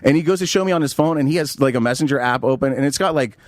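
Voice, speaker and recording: A man's voice: medium pitch, racing, dry recording, clean studio sound. A man hosting a talk show, telling a long anecdote in casual, profane chat and acting out the dialogue. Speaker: show host.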